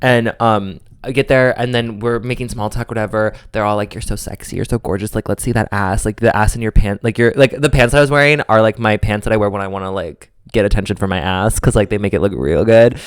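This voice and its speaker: A man's voice: lowish voice, fast, hardly any pauses, clean tone, no room sound, studio quality. Campy young man telling a story. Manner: animated, campy storytelling with quoted voices. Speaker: podcast co-host. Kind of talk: casual chat, storytelling.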